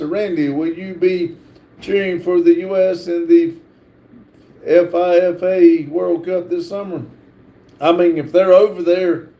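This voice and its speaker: A man hosting a livestream, reading viewer comments aloud in a halting, stumbling way with lots of fillers. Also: a little high, vocal fry, warm tone, reverberant. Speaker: livestream host reading chat. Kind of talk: casual live chat, reading comments aloud.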